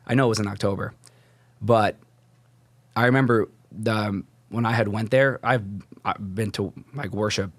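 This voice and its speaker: A man's voice: fairly low pitch, fairly even intonation, moderate pace, no echo. A young man telling his personal faith story as a podcast guest, casual and rambling, full of "like" fillers and restarts. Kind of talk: casual testimony.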